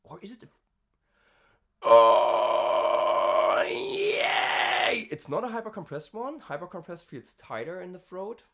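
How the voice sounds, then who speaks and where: A scream vocalist in a casual practice diary, winded from screaming, with a gravelly fry texture, chatting between takes and sometimes dropping to a hushed whisper. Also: mid-range voice, expressive, fast talker, hardly any pauses.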